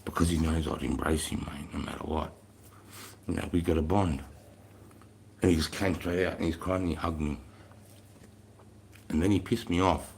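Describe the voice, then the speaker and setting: A man's voice: extremely low pitch, steady tone, moderate pace, creaky, pauses often, a little mellow, a little hiss or hum. A middle-aged man with an Australian accent, telling rambling stories in a frank, heavy-swearing casual chat on a live stream. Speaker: military veteran hosting a live stream.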